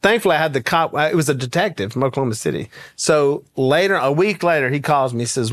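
A man telling a story in a folksy, animated way, with frequent laughs, as a guest in conversation. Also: medium pitch, quick pace, few pauses, no room sound. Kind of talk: casual storytelling anecdote.

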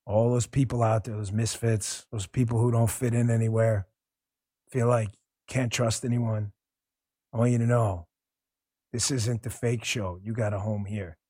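A man's voice: lowish voice, little pitch movement, moderate pace, warm tone, husky, no echo, clean studio sound. A man hosting his own talk show, delivering a passionate, blunt monologue with casual swearing. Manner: impassioned, blunt, swears freely. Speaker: show host.

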